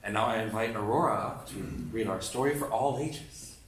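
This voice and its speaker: Calm man leading worship, echoey room. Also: lowish voice, normal speed, slight background noise. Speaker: worship leader. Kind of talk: closing a segment of a worship service. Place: congregation meeting room. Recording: echoey room with faint ambience.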